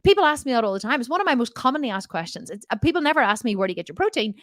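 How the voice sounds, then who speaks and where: A woman's voice: a little high, sing-song, rapid-fire, dry recording, clean studio sound. A woman diet coach answering viewer questions in a live Q&A, blunt and direct, often laughing and swearing jokingly.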